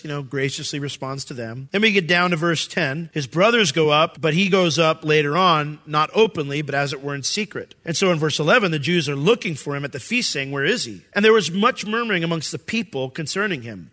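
A pastor preaching to his congregation, a man with a somewhat high, bright and forceful voice. He delivers the sermon in an animated way and breaks into little acted voices for the figures in the scripture. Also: brisk.

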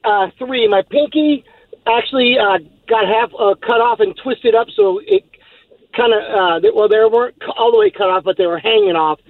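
Over a tinny, dry phone line, a man from Texas tells a radio show a long story in an animated, high-pitched voice at a moderate pace. He rambles and laughs throughout, with many fillers.

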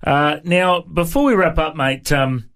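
A man's voice: a little high, a little slow, a bit bright. A man hosting a radio interview, playfully teasing his guest. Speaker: radio host.

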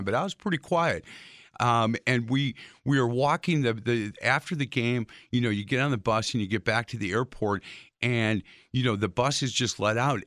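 A man hosting an interview, telling a lively story with stammered restarts. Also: mid-range voice, no room sound, clean studio sound. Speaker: host.

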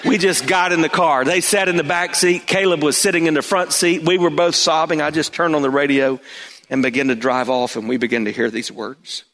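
A middle-aged man preaching a sermon as pastor, telling a personal story with animated emphasis. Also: a little high, fairly quick. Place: church sanctuary. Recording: long reverb of a church hall.

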